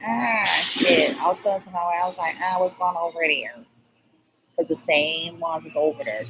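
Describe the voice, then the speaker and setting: A woman's voice: low voice, background noise. A woman vlogger telling a rambling personal story, keeps checking in with "okay?" and skipping details with "blah, blah".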